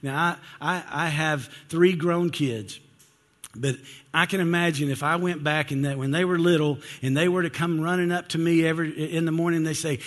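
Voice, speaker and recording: An older man, a grandfather and pastor, preaching a sermon to his church in an animated way, voicing the people he quotes and calling for responses. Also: a little high, moderate pace. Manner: animated, acts out quoted voices, asks for responses. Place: church sanctuary. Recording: long hall reverb.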